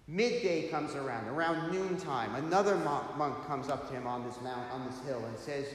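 A man's voice: medium pitch, moderate pace, few pauses. A man preaching a sermon, telling a story and posing rhetorical questions to his listeners. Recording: echoey hall, faint hiss.

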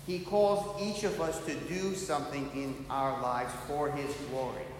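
A middle-aged priest tells a story in his sermon and acts out the voices in it. His voice sits a little high for a man. He is recorded in a church hall that echoes heavily, with a long reverb tail and faint noise underneath. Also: fairly bright tone.

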